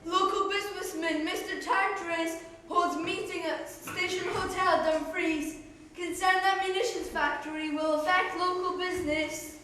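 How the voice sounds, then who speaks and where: A woman's voice: very high voice, steady tone, normal speed, sharp tone, a little hiss or hum. A woman reading out news headlines on a live stage. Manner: reads out headlines. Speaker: announcer. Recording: echoey hall recording from far off.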